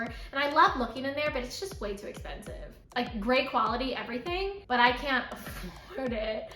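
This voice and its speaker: A woman's voice: fairly high pitch, pushed and bright. A woman in her twenties telling a story-time vlog in a chatty way, full of "like" fillers. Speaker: vlogger. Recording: echoey room.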